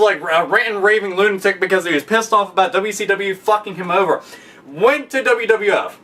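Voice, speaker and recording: Profane, excitable man ranting far from the mic. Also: sits high. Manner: profane, excitable, bursts into loud shouting impressions. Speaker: podcast guest. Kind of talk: casual ranting monologue.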